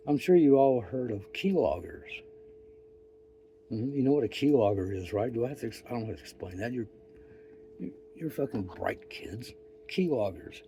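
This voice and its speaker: An older man telling a rambling story in a profane, folksy, wry way, with pauses and restarts. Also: mid-range voice, mellow, a little hiss or hum. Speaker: vlogger. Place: outdoors.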